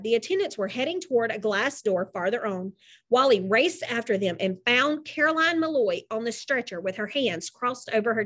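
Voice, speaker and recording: A woman narrating a storybook aloud with expressive, animated delivery. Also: on the high side.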